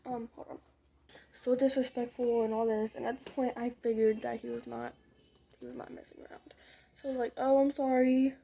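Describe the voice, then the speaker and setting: High-voiced young woman rambling a storytime. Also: little pitch movement, a little fast, creaky, dark tone, a little hiss or hum. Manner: rambling, candid, with muttered side remarks. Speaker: vlogger. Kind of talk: casual storytime while doing makeup.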